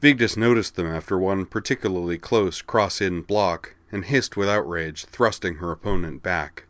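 Deep-voiced man reading a story. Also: moderate pace, fairly bright tone, no room sound. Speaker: narrator. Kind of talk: storybook narration.

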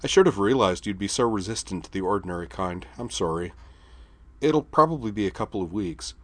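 A man reading a story aloud, voicing a young woman scientist in a raised, brightened voice. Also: on the low side, expressive, a little fast, no room sound. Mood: apologetic.

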